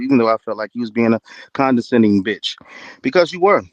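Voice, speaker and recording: A man's voice: medium pitch, very animated, brisk, dry recording, low-quality recording. A man arguing angrily on an online call, confrontational and heavy on profanity. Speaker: debate panelist. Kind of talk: heated online debate.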